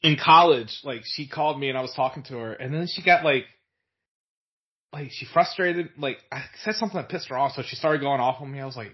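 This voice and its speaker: Brisk and medium-pitched, a young podcast guest from Virginia chats casually, spinning rambling stories heavy on "like" and punctuated by laughter. The recording has a dull quality.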